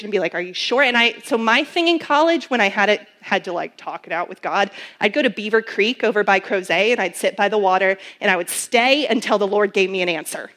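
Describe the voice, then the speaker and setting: A woman's voice: medium pitch, brisk, hardly any pauses, a bit bright. A young woman giving a personal testimony sermon as a campus minister, telling her story earnestly with many fillers.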